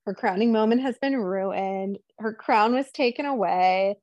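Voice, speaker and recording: This podcast co-host is a woman giving a relaxed film recap, bringing it to life by performing the characters' lines. Her voice sits at medium pitch and moves at an unhurried pace. There's no echo, though the highs are cut off.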